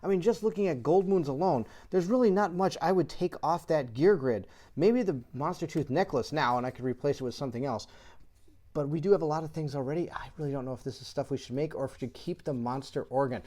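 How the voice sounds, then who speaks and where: A chatty host talks through a solo board game, reading rule cards aloud and puzzling over choices. The voice is mellow and warm, with frequent laughter and bursts of excitement. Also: mid-range voice, quick pace. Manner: laughs often and gets excitable. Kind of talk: casual solo board game playthrough commentary.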